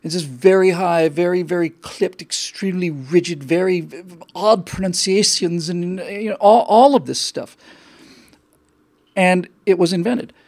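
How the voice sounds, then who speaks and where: Gravelly man, rambling monologue. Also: high voice, a little slow, darkish tone. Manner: rambling, with frequent restarts and repeated words. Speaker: show host. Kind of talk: casual monologue.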